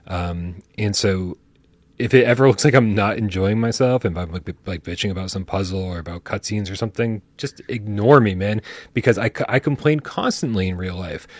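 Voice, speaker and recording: An animated male host in casual conversation, cursing freely and tumbling over his words as he gets excited. His voice sits somewhat low, and the sound is dry and close with no room around it. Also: no room sound. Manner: animated, swears freely, quick restarts. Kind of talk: casual chat.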